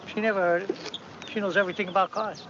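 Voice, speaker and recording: An actor playing a brash, cocky city man out of his element, trading fast wisecracks, heard in a dull film soundtrack with loud outdoor noise. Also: high-pitched, fairly even intonation, lightly acted. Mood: wisecracking.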